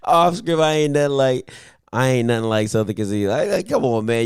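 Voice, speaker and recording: A man's voice: mid-range voice, lively intonation, a little fast, smooth, no echo, clean studio sound. A man hosting a casual show, mocking a caller and stumbling over his own words. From Maryland. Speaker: host. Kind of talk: casual chat, playful trash talk.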